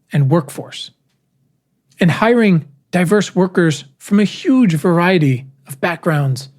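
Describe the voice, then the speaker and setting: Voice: mid-range voice, a little mellow. A podcast host reading their own essay aloud in an earnest, emphatic way, with casual wry asides.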